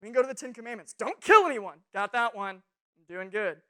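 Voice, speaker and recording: A young adult woman speaking to students in a youth sermon, telling funny stories with animated, self-mocking humor. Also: mid-range voice, fast talker, smooth.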